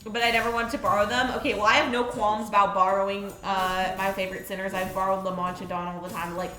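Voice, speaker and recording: A young woman streaming a game, chatting in an excitable, rambling way with lots of fillers. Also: mid-range voice, fast talker. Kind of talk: casual live-stream chat. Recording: roomy echo with faint music.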